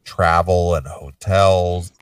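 A man's voice: low-pitched, steady tone, slow pace, clear, resonant tone, no echo, far from the mic. A man co-hosting a casual metal music podcast, rambling and laid-back with plenty of fillers, hiccuping now and then. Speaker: podcast co-host. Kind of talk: casual chat.

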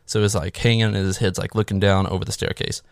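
Gravelly-voiced man recapping a film. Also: lowish voice, level tone, fast, dry recording, clean studio sound. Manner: sarcastic, profane, rambling with many "like" fillers. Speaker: movie recap host. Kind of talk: casual spoken film recap.

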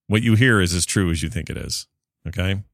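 A man hosting a podcast who talks casually, with an excitable, rambling manner, into a close studio mic. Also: sits low, a little fast, dry recording. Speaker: podcast host.

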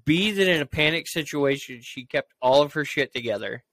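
A man telling a story in casual conversation, swearing freely and acting out his own shouted reactions. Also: fairly high pitch, fairly quick, dry recording. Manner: animated, profane storytelling that acts out raised voices. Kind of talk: casual chat.

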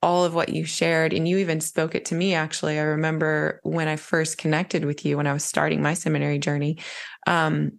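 A woman's voice: low-pitched, level tone, brisk, creaky. A woman hosting a conversation about faith, speaking in an encouraging way. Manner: warm, encouraging, talks about God. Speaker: podcast host.

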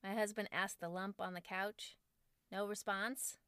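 A woman's voice: mid-range voice, steady tone, measured pace, pushed and bright, clear, resonant tone, dry recording, studio quality. A woman in her forties, a podcast host, reading her own parenting book aloud with wry, self-mocking humor.

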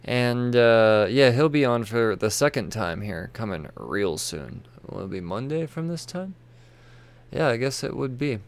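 This is a casual one-man comic podcast: the host, tired and yawning, reads new releases aloud in a home room lined with toy shelves. His voice sits at a medium pitch, smooth and sing-song, and he takes his time. He wanders off topic, curses offhandedly and cuts himself off mid-thought.

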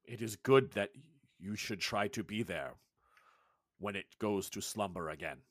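A man voicing an old, stubborn, learned village shaman who speaks in broken English, slow and grave. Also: lowish voice, dry recording, studio quality.

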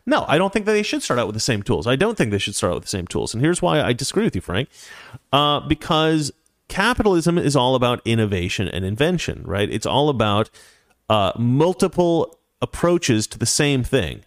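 A man in his forties hosts a casual political talk show, speaking from a close, dry microphone with no room sound. His voice sits at an ordinary middle pitch, and he talks in an opinionated way, straight to his audience. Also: very animated, fairly quick, dry recording. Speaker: show host. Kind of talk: casual political commentary with viewer chat.

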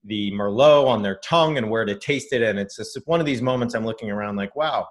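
A man's voice: fairly low pitch, quick pace. A middle-aged man casually telling a personal story on a podcast, rambling with many fillers and restarts.

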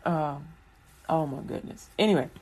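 A woman's voice: low-pitched, moderate pace, darkish tone, breathy edge. A woman from Chicago in casual chat about faith, rambling and colloquial, breaking into frequent laughter.

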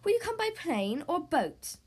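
Brief: a fretful, excitable king for a kids' storybook, read by a woman, high and pleading. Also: normal speed. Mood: worried. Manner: raised, pleading and worried. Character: anxious, excitable male king.

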